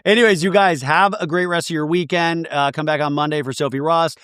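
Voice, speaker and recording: A man's voice: fairly high pitch, steady tone, a little fast, fairly bright tone, clear, resonant tone, no echo, studio quality. A man hosting a podcast, chatting casually and animatedly as he retells scenes and acts out the quotes. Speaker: podcast host. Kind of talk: casual recap chat.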